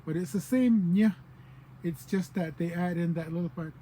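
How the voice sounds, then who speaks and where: A man teaches in an unhurried, casual way, saying example words over and over to make a point. His voice sits a bit high yet stays mellow and relaxed. A faint hiss of background noise runs under the recording. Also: rough recording. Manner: explains patiently, repeats example words. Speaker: language teacher. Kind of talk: casual spoken language lesson.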